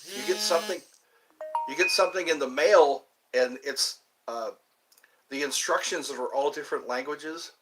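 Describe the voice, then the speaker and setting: A man's voice: fairly high pitch, normal speed, a bit bright, faint music behind, poor audio. A man in his fifties from the United States, hosting a live stream and chatting in a meandering way, full of asides and restarts. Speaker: livestream host. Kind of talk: rambling live-stream chat.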